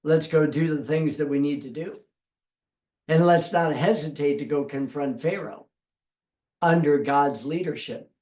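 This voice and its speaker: A man with a slightly raised pitch gives a devotional Bible teaching. He drives his points home by repeating phrases with emphasis. The recording has a noticeable roomy echo. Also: measured pace, a little mellow.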